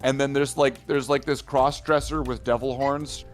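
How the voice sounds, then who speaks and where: A man's voice: medium pitch, flat delivery, normal speed, soft background music. Rambling man telling a story among friends. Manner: rambling, filler-heavy storytelling, constantly asking "right?". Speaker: hobby gaming channel regular. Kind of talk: casual chat among friends.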